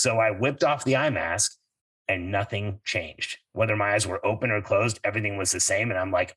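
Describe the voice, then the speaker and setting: A man's voice: on the low side, fairly quick, fairly bright tone, dry recording, distant mic, rough recording. A middle-aged man hosting a podcast, telling a personal story in an earnest, reflective way that turns a little emotional. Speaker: podcast host.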